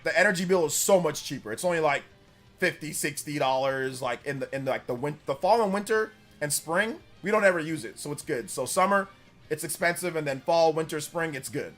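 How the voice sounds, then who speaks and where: 40s california streamer dude, rambly, lots of likes and ums, kinda high voice, soft music behind. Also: male voice. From Central California. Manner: rambling, filler-heavy, repeats himself; loud, laughing retelling of stories. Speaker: live streamer. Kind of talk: casual live-stream chat, reading donations.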